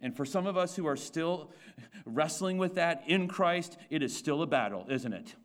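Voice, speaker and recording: A man preaching a Sunday sermon with a notably high voice. He asks his congregation rhetorical questions, hammers home his points by repeating them, and trips over restarts as he works out each thought. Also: lively intonation, moderate pace. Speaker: pastor.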